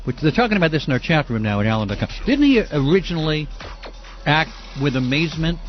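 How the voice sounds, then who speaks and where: A man's voice: a little high, sing-song, fast talker, highs cut off, faint music behind. A man hosting a call-in radio talk show, arguing with callers and ranting in outrage. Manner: heated ranting, shouts in outrage.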